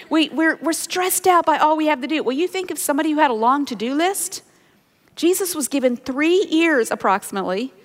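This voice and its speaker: A woman giving a sermon as a Bible teacher, earnest and animated, with self-deprecating asides. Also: high voice. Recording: long hall reverb.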